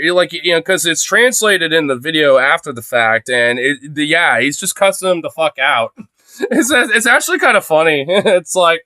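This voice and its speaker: A man's voice: medium pitch, lively intonation, normal speed, pushed and bright, smooth, no room sound. A man streaming live commentary, rambling with constant fillers and frequent swearing. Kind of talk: livestream commentary. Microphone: phone.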